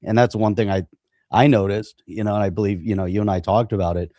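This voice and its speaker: A man with a low, mellow voice, co-hosting a relaxed conversation. He asks questions and answers with quick agreements, and the recording sounds dry and close. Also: no echo. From United States. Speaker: co-host. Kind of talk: casual chat.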